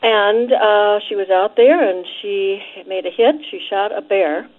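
A woman calling in to a radio show. She speaks hesitantly with many fillers and halting restarts. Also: medium pitch. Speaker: caller. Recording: phone line.

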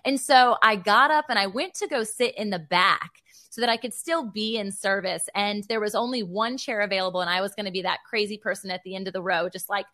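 Woman hosting a faith podcast, animated storyteller, dry close sound. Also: mid-range voice, brisk, no echo. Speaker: podcast host. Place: Virginia Beach.

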